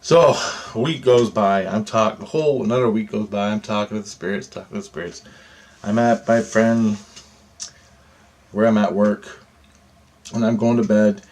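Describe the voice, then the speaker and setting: A man's voice: fairly low pitch, a little mellow. A man telling a rambling, profane personal story, repeating himself as he goes. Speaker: vlogger recounting ghost hunting.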